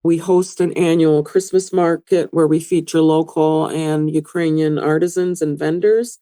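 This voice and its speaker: Middle-aged woman, museum director, podcast guest; low pitch, conversational, tells stories. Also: steady tone, unhurried, warm tone. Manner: conversational, explains at length with anecdotes. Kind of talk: podcast interview.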